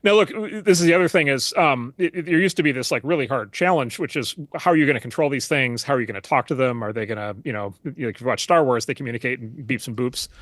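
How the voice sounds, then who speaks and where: Fast-talking man full of fillers. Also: medium pitch, a bit bright, dry recording. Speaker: guest. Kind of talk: casual interview talk.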